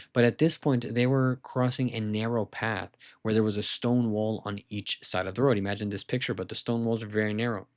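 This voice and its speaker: A man teaching a weekly lesson to children, retelling a story in a lively, casual way with asides to listeners. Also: lowish voice, muffled recording.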